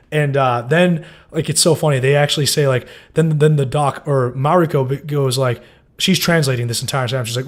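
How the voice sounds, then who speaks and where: A man's voice: mid-range voice, moderate pace. A man giving a loose, casual breakdown of TV episodes, full of fillers and swearing. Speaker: TV show recapper.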